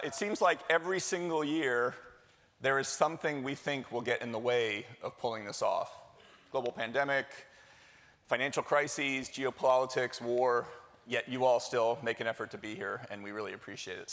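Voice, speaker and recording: Giving opening remarks as executive director, a middle-aged man welcomes a live conference audience in a large hall with a chatty, jokey manner, quizzing the crowd. He speaks at a moderate pace in a steady, medium-pitched voice with a fairly bright tone, and long reverb fills the recording.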